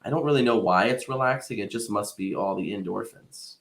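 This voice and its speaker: A man co-hosting a podcast, telling dad jokes in a playful, drawn-out storytelling way. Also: lowish voice, creaky. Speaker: podcast co-host.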